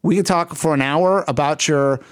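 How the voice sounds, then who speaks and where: A man with a fairly high voice co-hosting a podcast, chatting loosely and playfully. He rambles a little and slips into jokes often. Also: moderate pace. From Venezuela. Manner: rambling, playful, fond of joking. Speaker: podcast co-host. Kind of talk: casual podcast chat.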